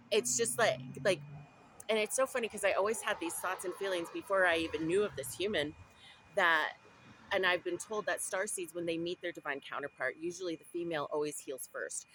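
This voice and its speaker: A woman's voice: on the low side, normal speed, a bit bright, slight background noise, low-quality recording. A young woman from Southern California, talking in a rambling, casual way about her spiritual journey, with many restarts and asides. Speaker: vlogger. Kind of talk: casual spiritual diary talk.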